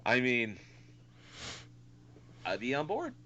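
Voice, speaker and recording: A man's voice: medium pitch, huge pitch swings, slow pace, pushed and bright, a little hiss or hum. A man co-hosting a podcast in casual chat, rambling with lots of "and stuff" fillers. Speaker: podcast co-host. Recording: dull lo-fi podcast audio.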